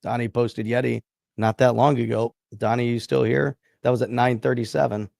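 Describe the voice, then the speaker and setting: A man's voice: medium pitch, level tone, moderate pace, creaky, darkish tone, no room sound, studio quality. A man co-hosting a live stream podcast, chatting upbeat and reading out viewer comments. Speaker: podcast co-host.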